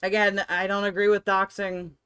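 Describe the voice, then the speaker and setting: A woman's voice: mid-range voice, flat delivery, normal speed, a bit bright, slight background noise. A woman streamer reacting on a live stream, blunt, profane and sarcastic.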